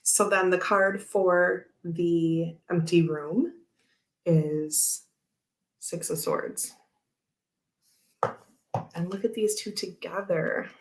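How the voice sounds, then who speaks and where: A woman in her thirties hosts a casual tarot livestream with a somewhat low voice. She rambles through stories and readings in an easy, chatty way, laughing often as she goes. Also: fairly even intonation, extremely slow, pauses often. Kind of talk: casual chat while handling cards.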